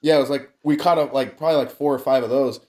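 A man's voice: mid-range voice, fairly even intonation, fast, darkish tone. A young man telling a wild childhood story in casual, profane chat, laughing often.

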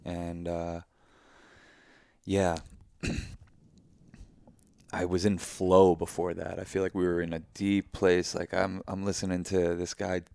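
A man's voice: low voice, monotone, slow pace, gravelly, pauses often, darkish tone, clean tone, dry recording. A man in a casual, heartfelt conversation who talks emphatically and effusively, swearing freely and speaking in spiritual terms.

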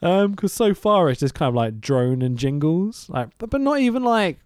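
A man hosting a casual podcast, recapping a film in an animated, sweary rant full of laughs. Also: fairly high pitch, normal speed, smooth, no echo, clean studio sound. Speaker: podcast host.

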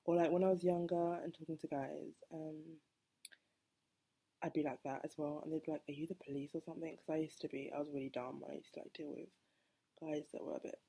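Low, gravelly woman rambling. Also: little pitch movement, brisk, warm tone. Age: 20s. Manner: rambling, self-correcting, laughs often. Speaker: podcast host. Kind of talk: casual solo podcast monologue.

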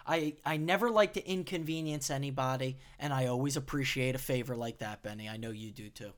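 A man's voice: medium pitch, fairly quick. A man co-hosting a podcast in casual chat, upbeat as he thanks listeners. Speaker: podcast co-host.

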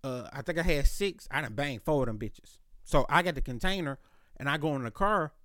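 A man with a slightly high voice tells a casual story on his podcast, animated and full of slang and cursing. The recording is dry and close, with no room sound. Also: a little fast, no echo. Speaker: podcast host.

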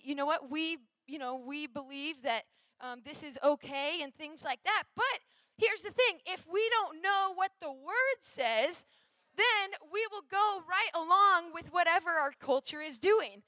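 A woman's voice: extremely high pitch, sharp tone, dry recording. A woman from Minnesota giving a chatty, rambling youth sermon, full of fillers and asides.

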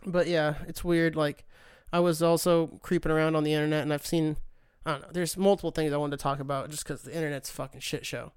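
This young American podcaster talks fast with few pauses, his fairly high voice flat in delivery yet clear and resonant. The studio-quality audio carries no room sound. It's a laid-back solo rant full of swearing and mocking, sarcastic voices.

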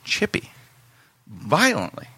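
A man telling a long story in a casual chat, in an animated way, rambling and often breaking off to restart his sentences. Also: a little high, slow pace, a little hiss or hum. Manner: animated, rambling, self-interrupting.

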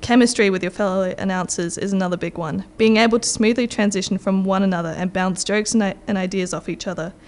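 A woman's voice: mid-range voice, steady tone, fast, few pauses, a little mellow. A young woman, a radio announcer, giving a prepared speech in a wry, self-deprecating way. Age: young adult.

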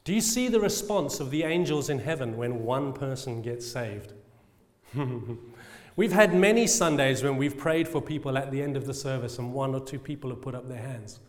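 A British man preaching a sermon with passion, asking rhetorical questions and drawing out key phrases slowly for emphasis. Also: mid-range voice, lively intonation, in a large hall.

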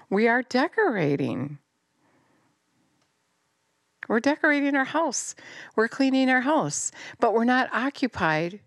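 A middle-aged woman giving an impassioned sermon, fervent and scolding, swinging from near-shouts down to low intense tones. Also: very animated, moderate pace, no echo, studio quality. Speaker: preacher.

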